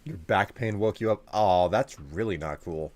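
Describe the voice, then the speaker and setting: A man's voice: sits low, normal speed, darkish tone. A man chatting casually with his live-stream viewers, sleepy and rambling as he reads and answers chat.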